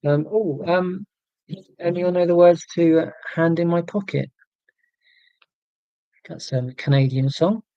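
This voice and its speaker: A man hosting a relaxed livestream from home, chatting off the cuff and poking fun at himself as he reads out comments. His voice sits a little high for a man, and the sound is dry and close. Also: measured pace, creaky, long pauses, no room sound, lo-fi sound. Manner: chatty, self-deprecating, reading out comments. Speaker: livestream host. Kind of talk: rambling casual livestream chat.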